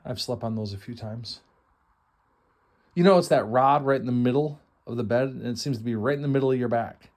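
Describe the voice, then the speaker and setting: A middle-aged man with a mid-range, darkish voice talks fairly quickly as he leads a casual, enthusiastic tour through the rooms of a house ahead of an estate sale. He's chatty and pokes fun at himself as he walks.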